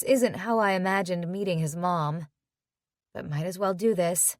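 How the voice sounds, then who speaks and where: A woman's voice: fairly low pitch, measured pace, no room sound, clean studio sound. A woman narrating a romance audiobook in the first person, with an intimate, conversational inner-monologue manner.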